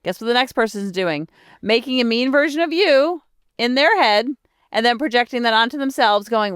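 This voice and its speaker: A woman hosting a podcast, telling a story in a chatty, animated way and acting out her own self-talk. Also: fairly high pitch, normal speed, clean tone, dry recording, studio quality. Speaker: podcast host. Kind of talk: casual solo podcast talk.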